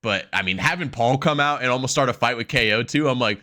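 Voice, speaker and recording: A man's voice: medium pitch, fast, sharp tone. A man co-hosting a wrestling podcast, chatting casually, swearing freely and laughing often as he acts out quotes. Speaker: podcast co-host.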